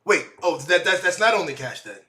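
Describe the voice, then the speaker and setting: A man performing an improvised comedy sketch, teasing, with sudden shouts. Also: sits high, lively intonation, fairly quick. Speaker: improv comedian, show host.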